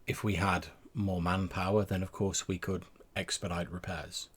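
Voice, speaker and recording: A man's voice: deep voice, level tone, normal speed, slightly rough. A man narrating a tabletop game as game master, rambling with lots of fillers and restarts.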